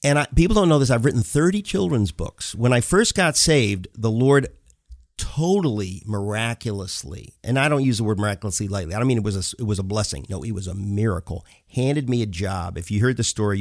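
A middle-aged man, a guest author, telling a funny story in a casual chat, jokey and energetic, acting out the characters as he goes. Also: lowish voice, fairly quick, dry recording, clean studio sound.

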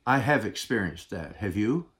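A man preaching a sermon as pastor, speaking deliberately with dramatic pauses and often dropping to a soft, hushed voice for tender points. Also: on the low side, lively intonation.

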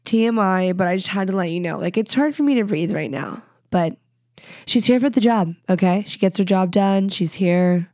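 A woman's voice: medium pitch, lively intonation, warm tone, dry recording. Woman, podcast host, congested, blunt casual advice, dry sound. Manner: blunt, candid, quick asides.

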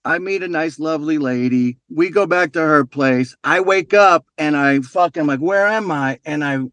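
A man's voice: fairly high pitch, normal speed, no echo. A middle-aged man telling loose, profane stories as a podcast guest in casual chat. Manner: loose, swears freely, animated storyteller.

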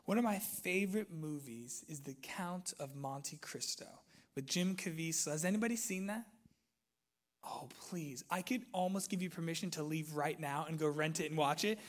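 A male pastor preaching a sermon, retelling a movie with lively swings from loud, excited peaks to hushed, near-whispered moments. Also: fairly high pitch, moderate pace.

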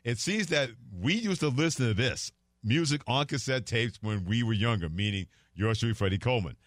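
A middle-aged man hosts a sports radio talk show in a medium-pitched voice. He tells stories with animation and laughs easily. His voice is close and dry on a studio microphone. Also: expressive, brisk, dry recording. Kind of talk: casual radio chat.

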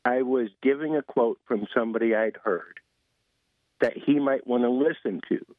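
Male caller, earnest, deliberate, mid-pitched, on a thin, tinny phone line. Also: dry recording. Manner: earnest, slows down deliberately to stress his point. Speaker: radio caller. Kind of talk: call-in conversation.

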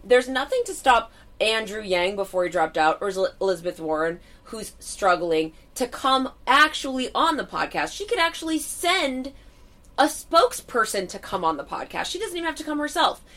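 A woman's voice: on the high side, big pitch swings, normal speed, fairly bright tone. Brash, profane woman podcast host. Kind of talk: casual chat.

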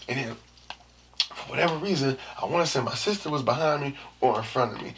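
A young man telling a story to camera in a casual, slangy way, dropping to hushed asides and rising to shouts. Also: mid-range voice, fast, noisy background. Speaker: vlogger.

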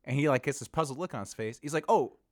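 A man co-hosting a casual podcast chat, an animated storyteller who laughs often. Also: mid-range voice, rapid-fire, dry recording, studio quality. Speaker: podcast co-host.

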